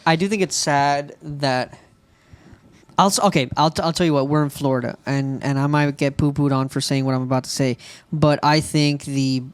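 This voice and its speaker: A man with a fairly high voice chats loosely on a podcast, cracking jokes and dropping curse words as he goes. The sound is dry and close to the mic, with no room around it. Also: steady tone, moderate pace, clear, resonant tone, dry recording. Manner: joking, swears often. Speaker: podcast co-host. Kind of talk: casual podcast chat. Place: home studio in Florida.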